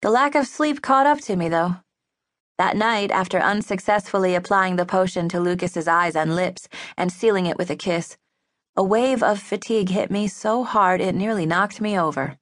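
A woman narrating a novel in the first person, even and measured, recorded in a studio booth. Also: medium pitch, dry recording. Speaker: audiobook narrator. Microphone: studio microphone.

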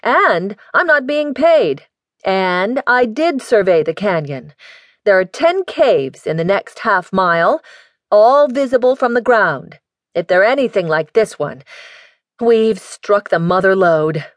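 A woman's voice: medium pitch, expressive, slow pace, no echo, studio quality, pitched above the performer's own voice. A woman voicing a defiant young woman volunteer who answers her father with sarcasm, in a raised voice. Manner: defiant, sardonic.

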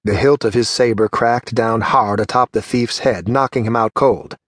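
A man's voice: mid-range voice, no room sound. Man narrating a fantasy audiobook, dry voice. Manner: measured, steady storytelling. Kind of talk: scripted narration.

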